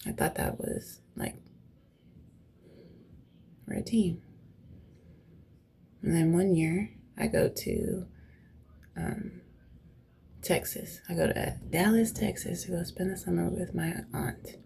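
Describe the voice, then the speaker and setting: A woman's voice: fairly low pitch, wildly swooping pitch, slow, creaky, long pauses, warm tone, slight background noise. A young woman host telling personal stories in a casual, blunt, profane way, often dropping to a near whisper. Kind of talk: casual storytelling chat.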